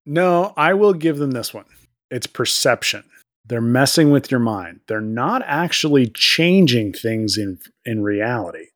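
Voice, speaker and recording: A man co-hosting a podcast in casual chat, joking, rambling, and breaking into quick quoted voices. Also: mid-range voice, expressive, a bit bright, dry recording, studio quality. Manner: rambling, with restarts and filler. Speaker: podcast co-host.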